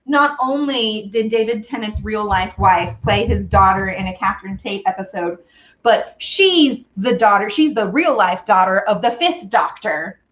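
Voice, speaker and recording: A woman hosts a casual baking livestream, chatting in a bubbly way with her viewers and a small child. Her voice is medium-pitched and fairly bright, and the sound is lo-fi.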